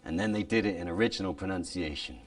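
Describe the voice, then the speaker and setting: A man explaining the old pronunciation in an animated way, sometimes stopping to demonstrate lines of verse. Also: low voice, quick pace, distant mic. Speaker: speaker on original pronunciation. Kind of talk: lively explanatory talk with reading demonstrations.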